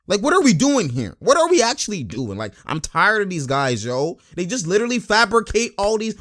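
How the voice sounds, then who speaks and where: Man vlogger, fired-up sports rant, high voice that swings wildly, lots of "man" and "yo". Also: big pitch swings, brisk, hardly any pauses, fairly bright tone. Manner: heated, emphatic, rhetorical questions, slangy. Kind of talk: casual basketball rant to camera.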